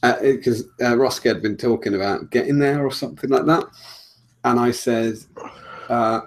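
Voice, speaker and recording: A British man co-hosting a casual podcast, telling crude anecdotes in a lively, joking way. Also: mid-range voice, brisk. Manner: lively storytelling, crude jokes. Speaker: podcast co-host.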